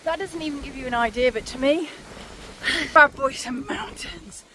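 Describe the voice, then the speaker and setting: A woman in her forties, out of breath, talking candidly into a handheld phone while she climbs a windy hill, with sighs and pauses between phrases. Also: high voice, sharp tone, rough recording. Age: 40s. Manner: chatty and candid, pausing to sigh and catch breath. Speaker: vlogger. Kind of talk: casual talk to camera while walking. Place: outdoors on a windy hillside. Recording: wind noise on a phone mic outdoors.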